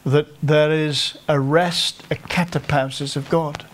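A middle-aged man with a North Staffordshire accent preaches in an easy, conversational way. He laughs at himself and often breaks off to start a phrase again. His voice sits slightly higher than most men's. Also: steady tone, a little hiss or hum. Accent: English, North Staffordshire. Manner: conversational, self-deprecating, with halting restarts. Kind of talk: sermon.

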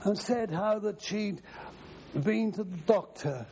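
A male preacher delivers an emphatic sermon, quoting scripture at length. His voice sits a little high, with a mellow, dark tone. He speaks slowly, with wide swings of pitch. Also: slight background noise.

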